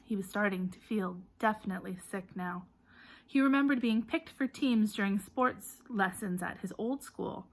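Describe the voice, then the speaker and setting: A woman narrating a storybook audiobook, reading in a lively way and putting energy into names and shouts. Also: mid-range voice, moderate pace.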